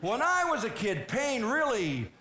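Pria menirukan ayah tua yang keras dan meremehkan. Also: male voice, very high-pitched, wildly swooping pitch, unhurried, pushed and bright, pitched above the performer's own voice, heavily acted. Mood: dismissive. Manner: dismissive, gruff, jokey. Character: blunt tough old father brushing off pain. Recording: echoey room.

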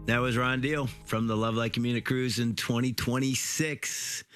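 A man's voice: mid-range voice, steady tone, moderate pace, fairly bright tone, soft background music. A man hosting a radio program and reading upbeat announcements. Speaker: radio host.

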